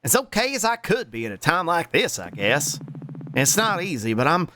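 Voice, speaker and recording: A woman's voice: fairly low pitch, sing-song, moderate pace, bright, forceful tone, a little hiss or hum. A man voicing a weary woman who is keeping everyone's spirits up in a video game. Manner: tired but brave.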